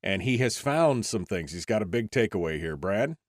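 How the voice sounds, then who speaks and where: A man's voice: fairly low pitch, expressive, moderate pace, no room sound. Frustrated male talk-show host, dry sound. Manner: frustrated, conversational, leans on "I mean". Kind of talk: radio talk-show conversation.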